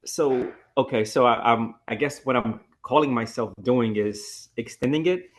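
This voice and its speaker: A male student on a video call who talks slowly and hesitantly. He fills his pauses with "uh" and apologizes often as he tries the words. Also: medium pitch. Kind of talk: reciting in an online class.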